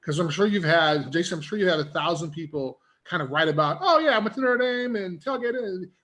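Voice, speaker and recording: Podcast host guy, higher pitch, asks stuff slowly with lots of um and i mean. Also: animated, a bit bright. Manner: hesitant, filler-heavy questions. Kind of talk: casual podcast interview.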